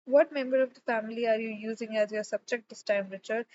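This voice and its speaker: A woman's voice: a little high, fairly even intonation, fast, darkish tone, dull audio, a little hiss or hum, close to an everyday voice. A woman reading the part of a sly, mocking young man in an audiobook. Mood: teasing. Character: brash teasing young man, older brother.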